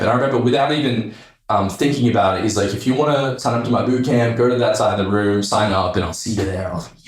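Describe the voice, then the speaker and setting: Man, podcast guest, animated storyteller, low-ish voice, roomy echo. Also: quick pace. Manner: animated, acts out quoted voices, swears casually. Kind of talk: casual storytelling.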